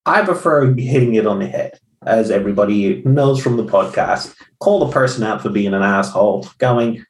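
A man's voice: animated, moderate pace, far from the mic. Blunt swearing man in a roomy room. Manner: blunt, swears, acts out others' lines with big pitch jumps. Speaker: podcast co-host, coach. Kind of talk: casual podcast chat. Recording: roomy echo.

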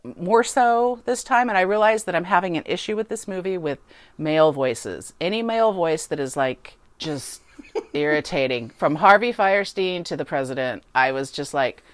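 A woman co-hosting a casual movie review chat, talking in an animated, emphatic way with many fillers and repeated words. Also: fairly low pitch, normal speed, dry recording. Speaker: podcast co-host.

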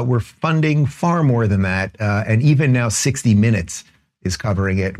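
A man giving sarcastic, slangy political commentary in a casual way. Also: fairly low pitch.

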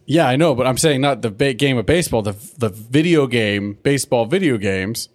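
A man's voice: medium pitch, fairly quick. A man co-hosting a podcast, chatting casually with a joking, profane manner. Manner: joking, profane, lively banter. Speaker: podcast co-host. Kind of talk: casual chat.

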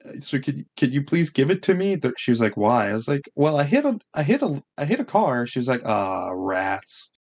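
Telling a story on a laid-back podcast, a young man speaks quickly with few pauses in a fairly high voice. He swears heavily and voices the other people's lines with animation.

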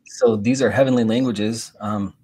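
A man's voice: fairly low pitch, normal speed, a little hiss or hum. Conversational man as a faith show guest. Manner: relaxed, conversational, quotes scripture. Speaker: guest minister. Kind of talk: Christian talk show chat.

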